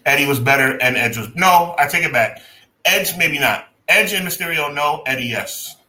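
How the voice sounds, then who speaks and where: A man co-hosting a casual podcast, hedging and then changing his mind. His voice is bright and moves around a lot in pitch. The room around him rings with echo. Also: lively intonation, normal speed. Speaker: podcast co-host. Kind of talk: casual wrestling podcast chat.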